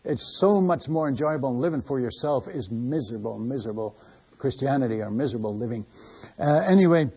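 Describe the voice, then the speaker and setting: Older man, missionary preacher, folksy storytelling sermon, husky voice, muffled lo-fi recording. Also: medium pitch, lively intonation, fairly quick, warm tone. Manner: folksy, conversational, chuckling storyteller.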